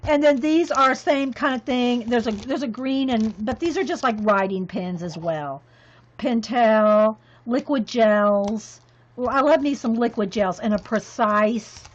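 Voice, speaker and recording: A woman's voice: a little high, a little slow. A woman chatting casually on her craft vlog as she sorts her supplies, rambling and laughing, talking to her viewers by name. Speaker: craft vlogger. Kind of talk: casual chat while organizing. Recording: dull lo-fi sound.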